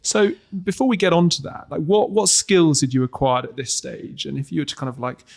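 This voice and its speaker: A man's voice: on the high side, expressive, brisk, vocal fry. A man hosting a podcast interview, asking probing, conversational questions. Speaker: podcast host.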